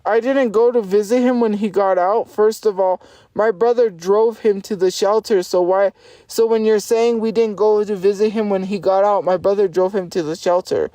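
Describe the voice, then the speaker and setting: Woman, livestreamer, profane, defiant, repetitive ranting, mid pitch, dry close sound. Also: steady tone, normal speed, dark tone, no echo. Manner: profane, insistent, defiant, repeats herself. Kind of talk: livestream rant at chat.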